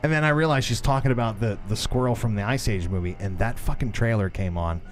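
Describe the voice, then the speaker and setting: A man in his thirties co-hosting a podcast in a studio, a lively storyteller who swears freely and acts out the voices in his stories. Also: lowish voice, fast talker, soft background music. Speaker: podcast co-host. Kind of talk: casual chat.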